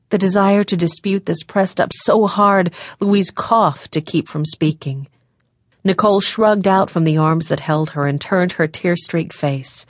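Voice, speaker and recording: A woman narrating an audiobook, reading in a measured, emotive storytelling manner on a close microphone. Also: lowish voice, no room sound. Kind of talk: scripted narration of a historical novel.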